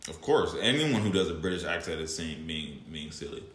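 A man's voice: a bass voice, lively intonation, brisk, a bit bright, echoey room. A man co-hosting a podcast in casual chat, blunt and emphatic, swearing freely. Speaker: podcast co-host.

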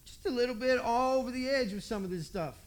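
High-voiced folksy male preacher. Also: quick pace. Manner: folksy, animated, acts out voices in the story. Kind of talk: storytelling sermon.

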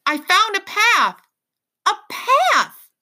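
A woman voicing a brave, determined girl of about twelve in a read-aloud story, with a raised, eager, urgent pitch. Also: expressive, a little fast, pushed and bright. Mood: excited shouting.

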